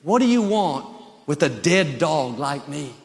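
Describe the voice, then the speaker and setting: A man's voice: big pitch swings, a little slow, in a large hall. A man voicing a frightened, lame man who speaks weakly and thinks little of himself. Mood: ashamed. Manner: weak, lowered voice.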